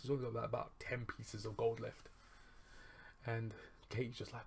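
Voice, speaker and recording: A man's voice: medium pitch, steady tone, moderate pace, creaky, a little hiss or hum. A man casually retelling a film's plot as a reviewer, rambling, chuckling and correcting himself as he goes. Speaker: movie reviewer.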